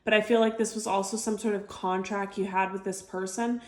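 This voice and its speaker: A woman's voice: mid-range voice, fairly even intonation, fairly quick. A woman giving an intuitive tarot reading to camera, chatty and heartfelt, full of filler words. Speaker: tarot reader. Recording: echoey room.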